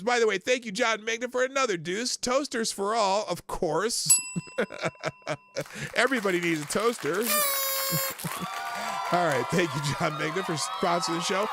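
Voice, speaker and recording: A man hosting a live news commentary stream, excitable and sarcastic, often breaking into laughter. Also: high voice, moderate pace, pauses often, a little hiss or hum. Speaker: host of a live news show.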